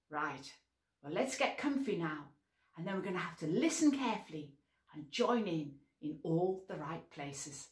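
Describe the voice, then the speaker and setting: A woman tells a story to a group of preschoolers, her voice rising and falling in big, lively swoops. She speaks slowly and clearly, sing-song and animated, pausing to invite the little ones to join in. The tone is a plain middle pitch, unhurried throughout. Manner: animated, sing-song, with loud call-and-response cues. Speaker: preschool worship leader. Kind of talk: interactive storytelling for young children.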